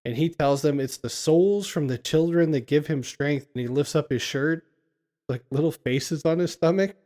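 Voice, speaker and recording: A man's voice: fairly high pitch, moderate pace, mellow. A man casually recapping a film scene by scene on a podcast, laughing often as he retells it. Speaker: podcast co-host.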